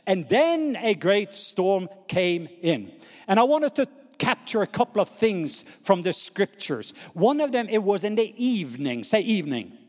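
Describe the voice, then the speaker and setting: A man preaching a sermon, reading scripture slowly and having the congregation repeat words back. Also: sits high, very animated, a little mellow. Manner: call-and-response, has the congregation repeat words; slows down to read scripture dramatically. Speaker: pastor. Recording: long hall reverb.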